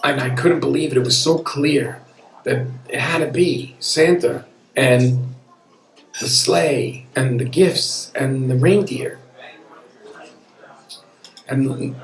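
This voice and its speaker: A man in his fifties telling a personal story live on stage, earnest and conversational with a wry edge. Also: medium pitch. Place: pub room at a live storytelling event. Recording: echoey pub room with an audience. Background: audience murmur.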